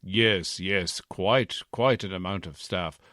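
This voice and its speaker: Low-pitched, slow and a bit bright, this man's voice is captured dry in a clean studio. He plays a pompous, bumbling old Santa Claus in a comedy podcast sketch, rambling evasively while his accent shifts between Midlands and posh English.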